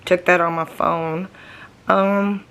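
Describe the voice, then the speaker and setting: A woman chatting to her camera from her living room while a migraine wears her down. Her voice sits low and has a gravelly fry, and she rambles along with lots of fillers. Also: flat delivery, slow, a bit bright. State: tired, with a migraine. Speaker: vlogger. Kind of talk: casual daily vlog chat.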